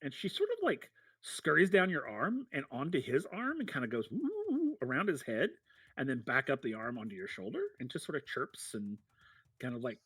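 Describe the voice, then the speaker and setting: A man's voice: mid-range voice, sing-song, brisk, fairly bright tone, slightly rough, no echo. A man narrating a tabletop game as game master, chatty, laughing often and full of fillers.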